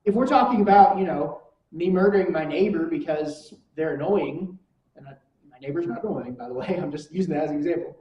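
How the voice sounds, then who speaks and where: A woman with a deep voice teaches a conversational church lesson at a brisk pace, often posing rhetorical questions to her class. The audio is dull, recorded from a far mic in an echoey room.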